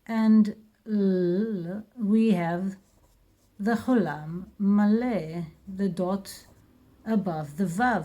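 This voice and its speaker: A woman's voice: medium pitch, mellow. A woman with an Israeli accent teaching a lesson, patiently repeating each word. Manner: patient, repeats words slowly. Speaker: Hebrew teacher. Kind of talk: slow spoken lesson.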